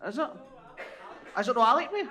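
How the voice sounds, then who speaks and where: A man's voice: very high voice, sing-song, a little fast, music in the background. A man with a Glaswegian accent co-hosting a live podcast, cracking sweary, laughing jokes. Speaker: podcast host. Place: live show venue with audience. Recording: loud background noise.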